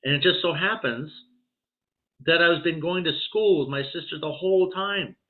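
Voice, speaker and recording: A man's voice: on the high side, normal speed. A man in his fifties, a spiritual healer and podcast guest, telling his life story casually in a rambling way, with lots of "you know" and restarts. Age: 50s. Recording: tinny phone-like line.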